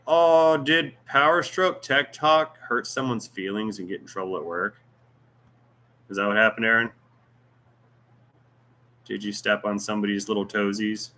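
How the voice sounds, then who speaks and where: A man's voice: lowish voice, measured pace, pauses often, sharp tone. A man hosting a casual livestream Q&A, reading viewer comments aloud with jokes, teasing and rambling asides. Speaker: YouTube channel host.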